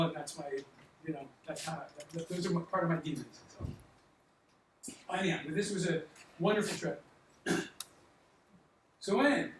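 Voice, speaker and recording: Animated older man in echoey hall. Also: high-pitched, a little hiss or hum. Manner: animated, acts out dialogue. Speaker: doctor giving a talk to students. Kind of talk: storytelling talk. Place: large lecture hall. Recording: echoey hall, mic at a distance.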